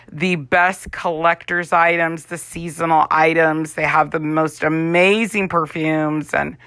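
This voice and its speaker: A woman's voice: sits low, bright, forceful tone, dry recording. A tired woman in her forties, an Avon representative chatting in a rambling way while doing her makeup. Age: 40s. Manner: rambling, chatty, with many fillers. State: tired, yawning. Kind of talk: casual makeup vlog chat.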